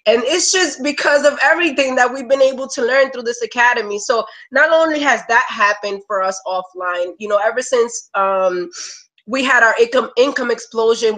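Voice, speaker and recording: A woman's voice: a little high, a bit bright, rough recording. A woman in her thirties giving an emotional personal testimonial, rambling with lots of "like" and "you know", close to tears at times. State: near tears. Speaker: testimonial speaker.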